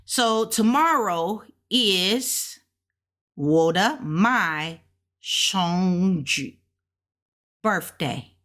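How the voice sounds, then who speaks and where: A woman reviewing beginner flashcards out loud, thinking aloud in a relaxed, colloquial way and slowly repeating words to practise them. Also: mid-range voice. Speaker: language learner reviewing flashcards. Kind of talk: casual self-study walkthrough.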